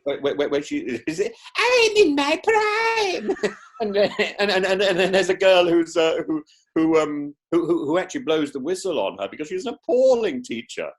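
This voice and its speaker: A man's voice: a little high, fairly quick. Theatrical man who stumbles over his words. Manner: animated, theatrical, breaks into put-on voices; stumbles and repeats words while thinking. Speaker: podcast guest, professor and former politician. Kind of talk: casual interview chat.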